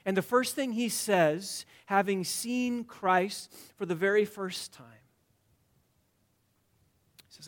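A male preacher with a fairly high voice delivers a sermon. He sinks to hushed, almost whispered lines, then rises to loud, emphatic declarations. He drives his points home by repeating phrases. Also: slow, pauses often. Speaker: pastor.

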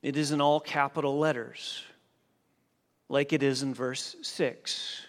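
A man preaching a sermon as a pastor, slow and emphatic, pressing hard on key phrases. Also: medium pitch, steady tone. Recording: long reverb of a large hall.

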